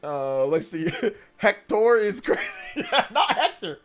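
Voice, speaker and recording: A man hosting a live stream, telling stories in a casual, animated and slangy way. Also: sits high, slow, soft background music. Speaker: streamer host. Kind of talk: casual livestream chat.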